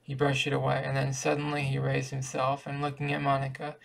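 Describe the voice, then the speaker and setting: A man reading a short story aloud in an even, careful way, now and then stumbling over a word. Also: mid-range voice, fairly quick, gravelly. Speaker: reader.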